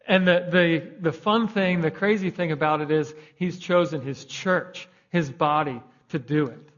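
A man's voice: a little high, unhurried, a bit bright. A young man preaching a sermon in a conversational way, raising his voice for emphasis. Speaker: pastor. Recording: dull lo-fi recording.

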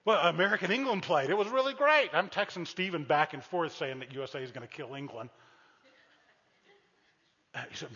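A man preaching a sermon, telling a story with animated, shouted exclamations and dropping to a soft tone for heartfelt appeals. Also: fairly high pitch, a little fast, pauses often, big-room sound, highs cut off. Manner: drops to a soft, intimate tone for appeals. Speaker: pastor.

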